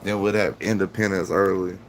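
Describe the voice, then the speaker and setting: A man's voice: deep voice, flat delivery, brisk, slight background noise. A man chatting casually and jokingly on a live stream, rambling and swearing freely.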